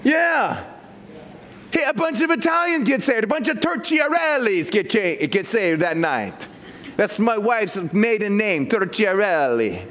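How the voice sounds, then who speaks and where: A man preaching a verse-by-verse sermon as pastor, animated and jokey, acting out the people in the text. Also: high-pitched, measured pace. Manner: animated, jokey, acts out quotes.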